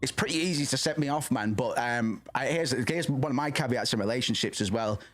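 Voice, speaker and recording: A man chatting casually on a livestream, rambling and profane, loud and passionate, tacking "man" onto his sentences. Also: fairly quick. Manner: loud and passionate, animated swings in pitch. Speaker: streamer.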